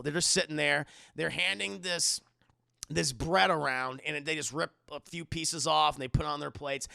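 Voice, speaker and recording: Animated, gravelly-voiced male movie reviewer. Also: a little high, no echo, clean studio sound. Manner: animated, profane, addresses chat. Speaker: movie reviewer streaming live. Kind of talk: casual livestream movie recap.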